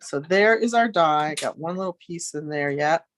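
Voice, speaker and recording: A middle-aged woman runs a relaxed craft tutorial from her home studio, chatting and thinking out loud with friendly asides as she works. Her voice is deep and expressive, her pace moderate, and the recording has no room sound.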